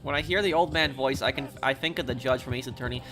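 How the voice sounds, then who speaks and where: Brief: a man from the United States on a casual live stream, with a bright, middle-pitched voice and faint music underneath. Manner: rambling, halting, reads chat aloud. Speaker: game streamer.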